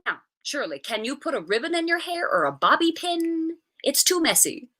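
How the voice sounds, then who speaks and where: A woman reading a story aloud, voicing a stern, theatrical male schoolteacher who talks in a brisk, commanding way. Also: high-pitched, very animated, pushed and bright, voice pushed up, exaggerated voice.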